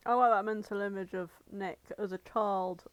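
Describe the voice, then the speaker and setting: A woman's voice: mid-range voice, steady tone, normal speed, clean tone, no room sound. A young woman co-hosting a casual podcast chat, playful and teasing, laughing a lot. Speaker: podcast co-host.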